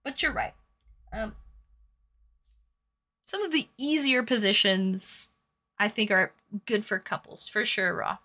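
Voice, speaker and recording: In casual livestream chat while painting, a woman reads out viewer comments and makes crude jokes. Her medium-pitched voice is animated, bright and forceful, and she takes it slowly with long pauses.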